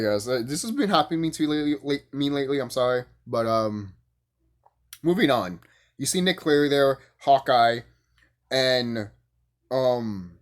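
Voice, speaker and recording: A man giving a casual, profane, rambling review, full of fillers and bursts of laughter. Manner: animated, jumps high when excited. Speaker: YouTube reviewer.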